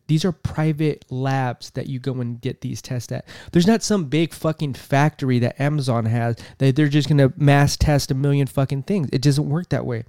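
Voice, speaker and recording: A man's voice: medium pitch, mellow, no room sound, studio quality. A man giving heated political commentary, cursing often and repeating himself as he gets worked up.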